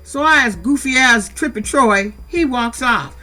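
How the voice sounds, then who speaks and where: Speaking a little slowly, a middle-aged woman from San Diego, USA, uses a fairly high, sharp-toned voice with lively intonation. Her reality show recap is casual and profane, and she scolds the cast bluntly while swearing freely.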